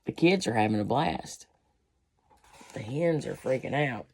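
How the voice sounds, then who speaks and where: A woman's voice: a bass voice, lively intonation, unhurried, a little mellow, slight background noise. A woman reading a children's picture book aloud, breaking off for folksy asides to her listeners. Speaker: storybook reader.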